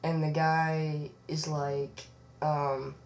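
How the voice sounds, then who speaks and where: A woman's voice: sits low, little pitch movement, drawn-out words, darkish tone. A woman reviewing a comic book, recapping the plot in a rambling way with lots of fillers. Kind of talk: casual review vlog.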